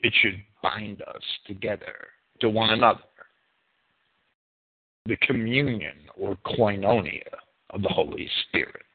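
A man with a New Jersey accent teaching a Bible sermon, emphatic and deliberate, stretching his key words. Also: fairly low pitch, gravelly, slightly rough. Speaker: preacher. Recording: phone-like narrow sound.

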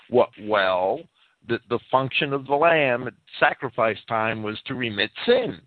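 A man with a lively, swooping voice agrees eagerly as co-host, stumbling over repeated restarts. He is sneezing and coughing while speaking into a headset. The line sounds thin and phone-like. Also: mid-range voice, a little slow, dry recording. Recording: dry tinny phone-like line.

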